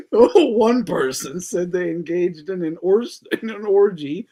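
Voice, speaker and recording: Laughing, lively-voiced man chatting loosely. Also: high voice. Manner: loose, profane, laughs often. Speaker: podcast host. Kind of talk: casual chat.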